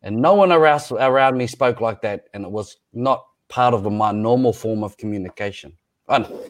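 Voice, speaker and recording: A man's voice: medium pitch, normal speed. Earnest New man, reflective. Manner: reflective, earnest, self-correcting. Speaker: panel speaker. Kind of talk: casual discussion.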